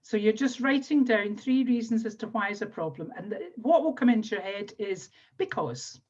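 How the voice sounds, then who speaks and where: A woman's voice: a little high, expressive, moderate pace, darkish tone. A woman with a Scottish accent teaching a live online coaching workshop, walking listeners through exercises step by step and often repeating phrases. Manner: instructive, repeats phrases while guiding exercises. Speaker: NLP trainer and coach. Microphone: video call. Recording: dull lo-fi webinar audio.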